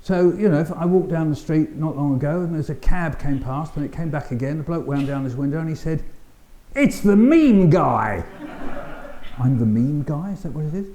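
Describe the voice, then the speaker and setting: An older man with a London accent, giving a keynote talk as an animated storyteller who acts out voices and sounds with dry humour. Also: fairly high pitch, a little fast. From England. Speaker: keynote speaker. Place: conference hall.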